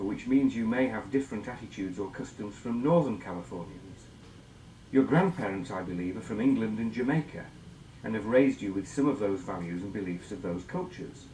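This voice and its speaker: A man presenting a scripted lesson, measured and explanatory, asking guiding questions. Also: fairly low pitch, darkish tone, roomy sound, slight background noise, low-quality recording. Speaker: instructor.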